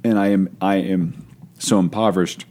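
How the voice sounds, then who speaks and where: A man hosting a podcast, speaking thoughtfully and deliberately with pauses and fillers. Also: sits low, fairly even intonation, mellow. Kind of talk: casual podcast conversation.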